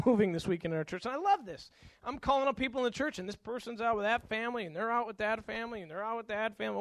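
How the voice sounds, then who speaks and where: High-voiced animated male pastor. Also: dry recording. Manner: animated, acts out dialogue with varied voices. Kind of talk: sermon.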